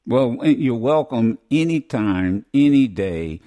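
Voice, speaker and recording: A man's voice: mid-range voice, expressive, takes it slowly, warm tone. A man hosting a radio show, chatting casually and rambling with many restarts. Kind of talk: casual on-air chat.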